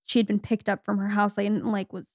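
A woman in her twenties co-hosts a podcast, her mid-range voice moving quickly in a studio-quality recording with no room sound. She chats casually, spinning stories and voicing the people she quotes with liveliness.

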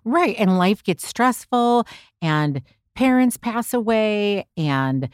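A woman's voice: mid-range voice, expressive, takes it slowly, clear, resonant tone, no room sound, clean studio sound. A middle-aged woman, a guest on her daughter's podcast, talking earnestly and affectionately. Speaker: guest, host's mother. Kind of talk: casual interview chat.

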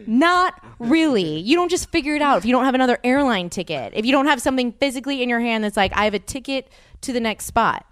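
A woman's voice: fairly high pitch, quick pace, hardly any pauses, no room sound. A woman in her thirties from the United States, co-hosting a podcast, telling a travel story in casual chat, swearing freely and acting out what people said. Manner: animated storyteller, swears freely, acts out quotes.

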